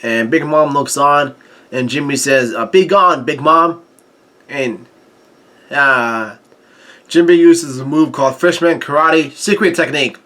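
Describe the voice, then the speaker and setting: A man casually recapping a manga chapter, halting often with restarts and self-corrections. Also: medium pitch, a bit bright. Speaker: manga reaction host.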